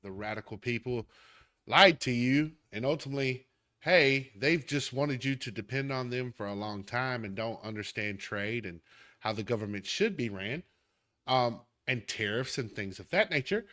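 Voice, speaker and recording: A man's voice: medium pitch, lively intonation, normal speed, pushed and bright. A man with a Southern accent hosting a podcast, delivering an emphatic, heated political commentary rant straight at the listener. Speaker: podcast host.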